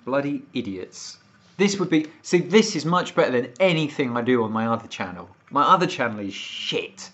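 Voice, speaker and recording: A man's voice: mid-range voice, expressive, fairly quick, few pauses, fairly bright tone. A British man from the United Kingdom ranting and swearing on a casual livestream, getting more worked up as he goes. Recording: dull lo-fi stream audio.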